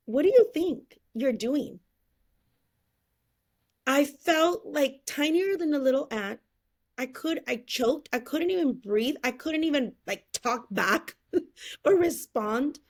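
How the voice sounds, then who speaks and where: High-voiced animated woman telling her story. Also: slow pace. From California, USA. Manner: animated storyteller who acts out quotes and laughs often. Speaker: interview guest. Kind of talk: casual storytelling interview.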